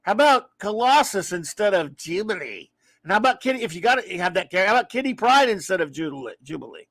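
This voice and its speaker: Hosting a laid-back comics livestream, a man from Louisiana reads viewer comments in a high, easygoing voice, very animated and quick. He drifts between opinions and greets viewers warmly, captured dry and close with no sense of the room around him.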